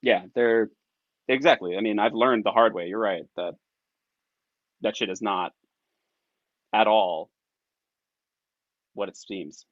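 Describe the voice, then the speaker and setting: A man's voice: fairly low pitch, slow pace, long pauses, no echo, lo-fi sound. A man improvising a comedy scene, incredulous and teasing, blunt and profane. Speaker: improv performer.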